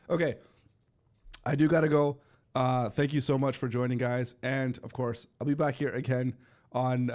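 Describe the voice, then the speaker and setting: Host, male, hoarse and coughing, rambling casual stream talk, mid-pitched. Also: a little mellow. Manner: rambling, with many restarts and fillers; addresses viewers directly. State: losing his voice, coughing. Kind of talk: casual live-stream chat.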